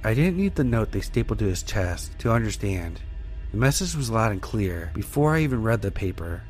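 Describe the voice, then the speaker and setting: Low-voiced man narrating horror. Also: faint music behind. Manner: steady, measured first-person reading.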